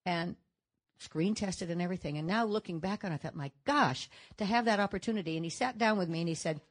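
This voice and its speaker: An older woman from Nevada, a guest answering audience questions on a stage, telling stories in a chatty, animated way. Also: lowish voice, quick pace. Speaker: panel guest actress. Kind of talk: audience Q&A chat.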